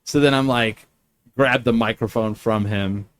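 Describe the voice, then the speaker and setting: Male podcast host, lively chatty storyteller, mid-pitched, easygoing. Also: unhurried, smooth. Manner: animated storyteller, many fillers and restarts. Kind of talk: casual chat.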